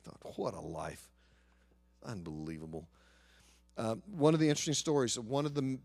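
Low-voiced man preaching, dry sound. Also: no room sound. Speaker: pastor. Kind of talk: sermon.

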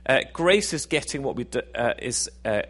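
A man's voice: mid-range voice, big pitch swings, normal speed, a bit bright. A man preaching a sermon in a conversational, self-deprecating, jokey way.

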